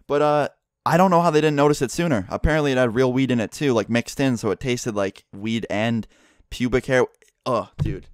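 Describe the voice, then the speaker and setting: Fast-talking young man telling a story. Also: mid-range voice, clear, resonant tone, no echo, studio quality. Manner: animated retelling, acts out friends' lines, heavy swearing. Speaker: vlogger. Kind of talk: casual storytime vlog.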